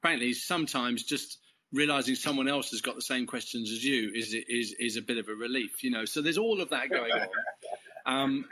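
A man's voice: medium pitch, moderate pace, sharp tone, poor audio. An English man, a course leader and interview guest, sharing a testimony in a rambling, self-correcting way with frequent chuckles. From England.

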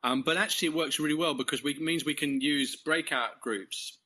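English man, Christian guest, bright tense tone, rambling with restarts and chuckles. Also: fairly high pitch, normal speed, a little hiss or hum. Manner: rambling, with many false starts and little laughs. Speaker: guest, Christian course leader. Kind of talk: casual testimony in conversation.

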